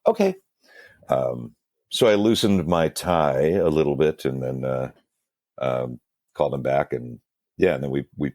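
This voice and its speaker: In a rumbling low, somewhat mellow voice, this band singer speaks a little slowly as an interview guest. His self-mocking stories wander, stumble through restarts, and are heavy with fillers, captured in a dry, clean studio recording.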